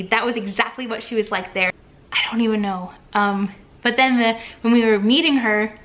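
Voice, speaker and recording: A young woman tells her story straight into the camera in a bright, clear, somewhat high voice. She gushes as she talks, rushing through lots of fillers and restarts. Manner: gushing, breathless, many fillers and restarts. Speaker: vlogger.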